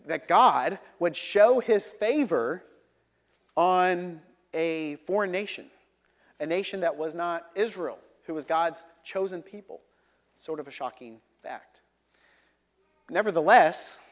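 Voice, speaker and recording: A young man preaching a sermon, earnest, dropping to a low hush for emphasis. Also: big-room sound. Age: young adult.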